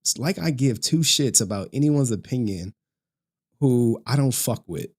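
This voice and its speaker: A man's voice: medium pitch, lively intonation, unhurried, darkish tone. A young man ranting on a livestream, profane and mocking, often breaking into laughter. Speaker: streamer. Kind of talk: livestream rant.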